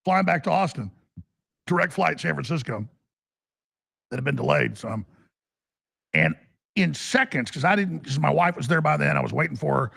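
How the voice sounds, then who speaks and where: Gravelly, rambling talk-radio man. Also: a little high, expressive, moderate pace, pauses often, a bit bright, no echo, clean studio sound. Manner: rambling, restarts, urgent. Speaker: radio talk show host. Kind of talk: animated talk-radio storytelling.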